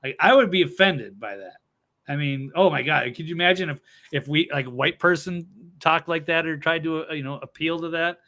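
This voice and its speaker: A man's voice: a little high, brisk, bright, forceful tone. A man co-hosting a talk show, giving blunt, opinionated takes in casual chat. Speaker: co-host.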